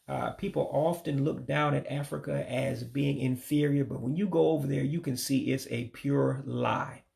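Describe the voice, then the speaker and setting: Man, very gravelly voice, mid pitch; steady teacherly delivery that corrects itself along the way. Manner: slow, careful word-by-word pronunciation with frequent self-corrections. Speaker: language learner teaching vocabulary. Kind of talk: informal vocabulary lesson.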